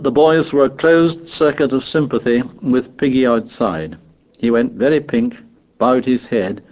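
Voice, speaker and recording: A man narrating a novel in a measured, even storytelling voice. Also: mid-range voice, lo-fi sound. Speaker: audiobook narrator.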